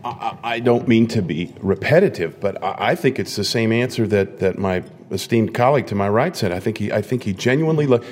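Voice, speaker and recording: A man's voice: mid-range voice, darkish tone. A man, an opera singer on a panel, talking emphatically about his character and often repeating words as he starts a thought. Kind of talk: panel interview.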